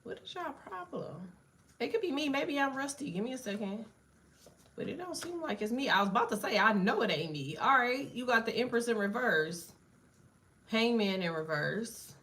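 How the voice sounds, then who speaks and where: A woman's voice: fairly high pitch, animated, moderate pace, fairly bright tone. A woman doing a casual live tarot reading, blunt and profane, chatting to viewers and jumping between cards and asides. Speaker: tarot reader.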